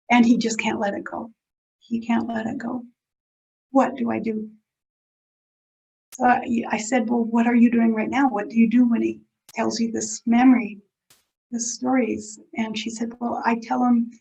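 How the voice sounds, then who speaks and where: A middle-aged woman gives an earnest, reflective talk to an audience, pausing and restarting as she goes. Her voice has a gravelly edge in a mid register. The recording sounds dull and lo-fi. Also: medium pitch, a little mellow. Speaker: speaker on dementia caregiving.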